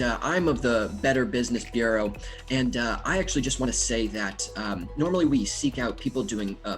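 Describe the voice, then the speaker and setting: A man improvising a bumbling male business bureau official who gives a rambling, halting review full of filler sounds. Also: medium pitch, close to an everyday voice. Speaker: improv comedian.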